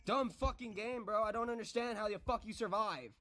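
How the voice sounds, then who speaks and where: A man swearing and raging at a game while he plays it, with loud yelled outbursts. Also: high voice, fairly quick. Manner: yells and shouts in outbursts. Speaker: gamer streamer. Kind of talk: live gameplay commentary.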